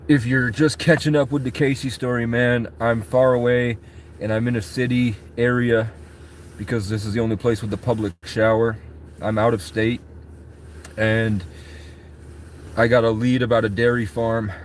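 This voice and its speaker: A man's voice: lowish voice, a little hiss or hum. A man vlogging in casual, rambling chat, swearing freely and talking straight to his viewers. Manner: rambling, profane, talks to chat.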